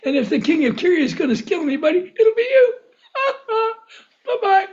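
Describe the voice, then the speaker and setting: A man voicing a scheming ancient king who taunts with high laughter. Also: very animated, normal speed, fairly bright tone, exaggerated voice. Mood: mocking. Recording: dull lo-fi recording.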